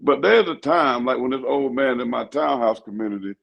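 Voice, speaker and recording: An older man, a pastor and co-host, talking sports in an animated, preachy way that repeats itself. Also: medium pitch, a little fast, gravelly, lo-fi sound. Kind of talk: casual sports talk.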